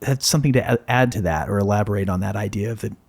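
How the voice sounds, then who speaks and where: A man hosting a podcast, who asks his questions hesitantly with many pauses and restarts. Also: lowish voice, gravelly, husky. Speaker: podcast host. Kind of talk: interview questions and backchannel.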